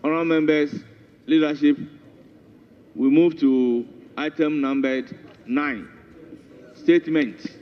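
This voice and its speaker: A Ghanaian man presides over a parliament sitting in a measured, authoritative tone. The sound is a dull broadcast feed with a long reverb from the large chamber. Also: on the high side, steady tone, clear, resonant tone. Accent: Ghanaian English. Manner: measured, authoritative, formal address. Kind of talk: formal parliamentary chairing.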